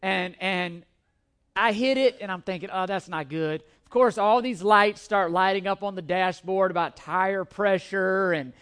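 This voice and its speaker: A middle-aged male pastor preaches a sermon, first telling a self-deprecating personal story with animated humor before moving to scripture. His voice sits high, with a clean tone and measured pace.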